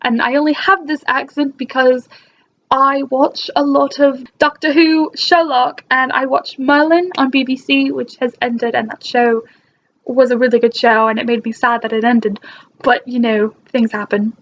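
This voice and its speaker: High-voiced woman faking a British accent. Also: fairly even intonation, moderate pace, muffled recording. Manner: talking in an imitated British accent; chatty and enthusiastic, with frequent restarts. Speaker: book vlogger. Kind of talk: casual vlog chat.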